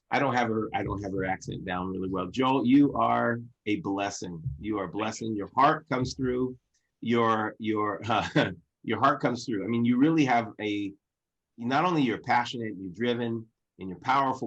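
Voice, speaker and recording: A man's voice: mid-range voice, fairly bright tone, lo-fi sound. A man hosting an online business event, heaping praise and blessings on his guest in a fervent motivational style, often restarting and repeating his phrases. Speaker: host.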